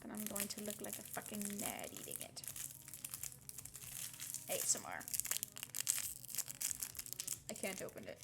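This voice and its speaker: A woman streaming, chatting casually with swearing and reading a novel aloud, often in a soft whisper. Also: medium pitch, gravelly, very noisy.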